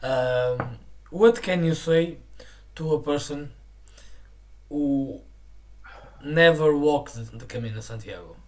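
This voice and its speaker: Male host, halting delivery, slow measured questions. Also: fairly high pitch. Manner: hesitant, halting with many fillers. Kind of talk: interview questions.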